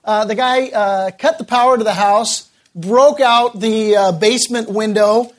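A male pastor preaching a sermon, telling a story with many filler pauses and slowing down for emphasis. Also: high-pitched, fairly even intonation.

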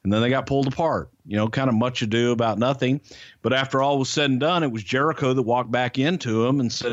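A fast-talking man with a medium-pitched voice co-hosts a podcast, casually passing along second-hand stories with plenty of hedging. He's a former wrestling insider, and the recording is dry with the highs cut off.

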